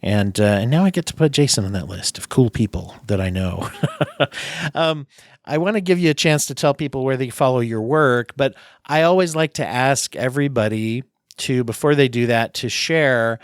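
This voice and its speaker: A man hosting a podcast interview, talking in a chatty, halting way with many restarts and laughs. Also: mid-range voice, dry recording, studio quality. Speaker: podcast host. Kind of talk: casual interview chat.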